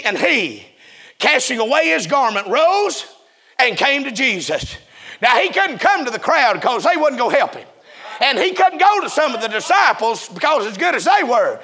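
A man preaching a fiery revival sermon, often shouting in a rhythmic preaching cadence. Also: extremely high pitch, husky.

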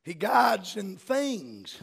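A middle-aged man, preaching a sermon as a pastor and building to fervent shouting. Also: high-pitched, big pitch swings, very slow, gravelly, slightly rough.

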